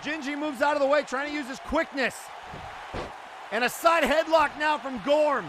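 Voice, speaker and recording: A man calling a wrestling match play by play, often breaking into excited shouts. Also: extremely high pitch, moderate pace. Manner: excitable, shouting during big moments. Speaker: wrestling commentator. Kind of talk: play-by-play commentary. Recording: crowd and loud background noise.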